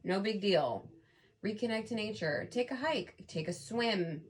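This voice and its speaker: A woman's voice: medium pitch, expressive, a little slow. A woman giving a casual pick-a-card tarot reading, chatty and earnest, reading card texts aloud and adding her own thoughts. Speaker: tarot reader.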